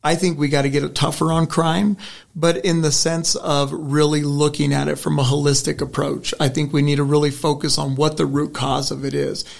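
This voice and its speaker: Brief: middle-aged male candidate, slightly high voice with gravel, earnest storyteller, restarts often. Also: little pitch movement, normal speed. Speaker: state senate candidate. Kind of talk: interview answer, conversational.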